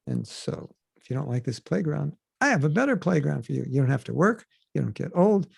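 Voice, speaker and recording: A man hosting a podcast, teaching scripture in a casual, animated way and acting out quoted voices. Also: fairly high pitch, brisk, gravelly, slightly rough, dry recording.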